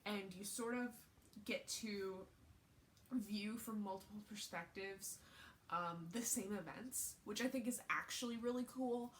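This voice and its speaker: A woman's voice: mid-range voice, a little slow, a little hiss or hum. A woman book vlogger talking in a casual, rambling way, with lots of fillers and restarts. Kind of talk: casual chat.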